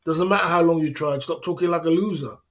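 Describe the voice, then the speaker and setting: A man's voice: a little high, fast talker, fairly bright tone. A man hosting a livestream, giving a blunt, repetitive motivational rant with slang and laughing asides. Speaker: livestream host. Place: indoors in Thailand.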